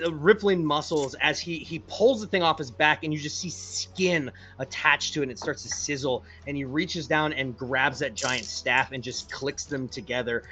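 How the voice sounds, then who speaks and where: A man playing a tabletop role-playing game, describing his character's actions in an animated way. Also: fairly high pitch, normal speed, hardly any pauses, music in the background. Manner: animated, builds up vivid descriptions. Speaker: player.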